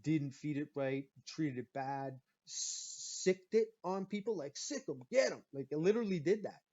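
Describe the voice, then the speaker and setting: A man hosting a podcast and ranting in a profane, animated way about his own stories. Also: a little high, moderate pace. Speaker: podcast host. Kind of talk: profane comedic rant. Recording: muffled lo-fi recording.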